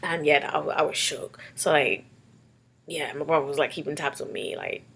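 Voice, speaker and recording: Husky London woman telling her story. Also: low-pitched, fairly even intonation, moderate pace, fairly bright tone. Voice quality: husky and gravelly. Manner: tearful and laughing by turns, casual. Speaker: vlogger. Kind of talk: emotional personal storytelling.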